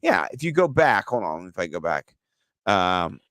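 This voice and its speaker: A man co-hosting a casual fantasy football show, joking and swearing through lively banter. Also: deep voice, moderate pace, no room sound. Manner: joking, profane, animated banter. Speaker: podcast co-host.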